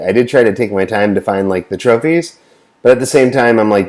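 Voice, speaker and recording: A man with a fairly low voice, chatting about games with a friend on a podcast. He sounds relaxed and laughs easily. He often steers the talk with questions. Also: fairly quick, slight background noise. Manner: laid-back, laughs easily, asks the questions. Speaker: podcast co-host. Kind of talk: casual gaming chat.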